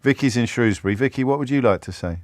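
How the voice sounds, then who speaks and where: Male talk-radio host, emphatic and quick to cut in, close and dry studio sound. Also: medium pitch, darkish tone, no echo.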